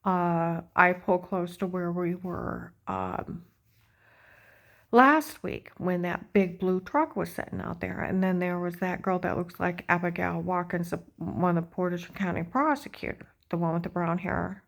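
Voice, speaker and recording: A woman's voice: lowish voice, fairly even intonation, a little slow, gravelly. A woman talking in a rambling, agitated personal monologue, full of fillers and repeated check-ins. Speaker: vlogger.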